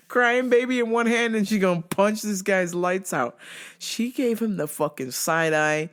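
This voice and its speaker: A woman hosting a show, telling a comic story in a profane, animated way and laughing often. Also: a little high, a little slow. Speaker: host.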